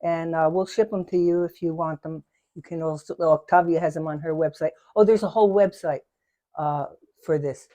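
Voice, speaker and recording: A woman hosting, wrapping up a chat in a relaxed, hesitant way. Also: low-pitched, normal speed. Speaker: host. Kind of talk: casual chat. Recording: dull lo-fi sound.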